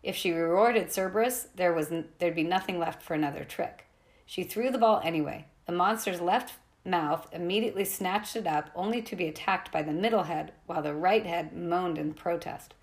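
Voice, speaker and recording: A woman reads a novel aloud in a plain, unpolished way and sometimes stumbles and restarts a word. Her voice is fairly low with a gravelly creak running through it. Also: normal speed. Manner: plain reading with small slips and restarts. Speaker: reader.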